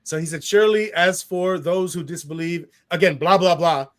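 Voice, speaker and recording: A man hosting a casual talk show, reading out comments with animated indignation and laughing as he goes. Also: on the high side, moderate pace. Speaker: podcast host.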